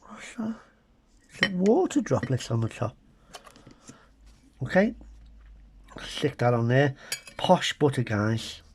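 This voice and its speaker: A man's voice: medium pitch, very animated, slow pace, pauses often, noisy background. A middle-aged man from Britain chatting casually to camera while taste-testing food, with wry, muttered asides to his viewers. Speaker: food vlogger. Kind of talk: casual comic taste-test chat to camera.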